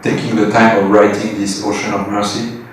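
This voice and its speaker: Hesitant man, flat and slow, echoey distant hall. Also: fairly low pitch. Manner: hesitant, laughing often. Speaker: devotee giving thanks. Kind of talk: heartfelt thanks. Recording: echoey hall, distant mic, faint noise.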